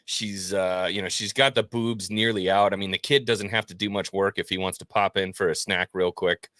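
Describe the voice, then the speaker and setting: Sarcastic, bright-voiced podcast co-host man. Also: low-pitched, steady tone, moderate pace, no room sound. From Italian-American family. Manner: sarcastic and joking. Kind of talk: casual chat.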